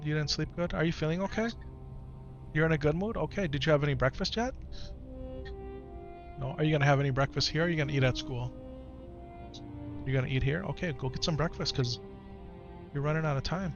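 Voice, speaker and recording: A man in his thirties with an American accent, a streamer and father talking at home, gentle and patient with his child, lively with his chat. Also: fairly high pitch, fairly quick, pauses often, lo-fi sound, over music. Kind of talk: casual live-stream chat.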